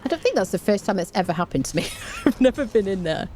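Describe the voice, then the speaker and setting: A woman's voice: medium pitch, wildly swooping pitch, fast, mellow, slight background noise. A woman hosting a let's play, chatting casually as she plays and humming little tunes between remarks. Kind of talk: casual gameplay commentary.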